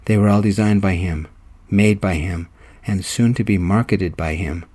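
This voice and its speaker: A man narrating a romance story as its writer and reader, in steady, even audiobook narration. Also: low voice, moderate pace.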